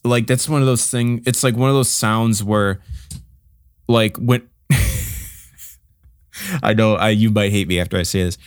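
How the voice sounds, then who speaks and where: A man's voice: fairly low pitch, a little slow, long pauses, dry recording, clean studio sound. A man co-hosting a podcast, chatting casually about albums with lots of fillers and restarts, humming riffs as he goes. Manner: rambling, many fillers and restarts, hums riffs. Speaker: podcast co-host. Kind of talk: casual music review chat.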